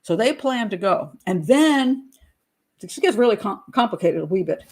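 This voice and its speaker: A woman's voice: medium pitch, expressive, normal speed, darkish tone. An older woman, a criminal profiler, giving chatty, blunt true crime commentary with sarcastic asides.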